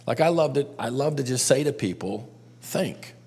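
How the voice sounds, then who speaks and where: A man's voice: medium pitch, expressive, fairly quick, a little mellow, breathy edge. A man telling a story to a group and drawing lessons from it, coaxing them with questions. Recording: long hall reverb.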